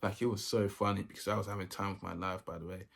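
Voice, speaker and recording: A man's voice: low voice, little pitch movement, fast, creaky, a bit bright. A young man, telling a story in a casual, rambling way that keeps repeating itself. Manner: rambling, repeats himself often. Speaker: vlogger.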